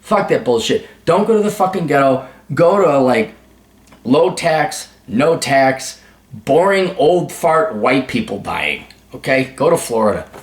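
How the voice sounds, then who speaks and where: A man's voice: medium pitch, big pitch swings, unhurried, echoey room. A man hosting an advice video, giving blunt, profane, sarcastic answers in a ranting monologue. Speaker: advice show host.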